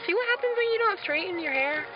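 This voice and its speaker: Giggly high-voiced young woman, lo-fi camera. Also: lively intonation, quick pace, music in the background. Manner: giggly, loud exclamations and swearing. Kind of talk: casual vlog chat. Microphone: built-in camera mic. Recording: lo-fi noisy home camera.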